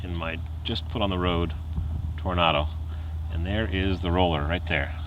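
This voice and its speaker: A man's voice: low voice, normal speed, highs cut off, a little hiss or hum. A man casually telling a rambling car repair story outdoors at night, chuckling and imitating the noises the car makes. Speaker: car hobbyist vlogger.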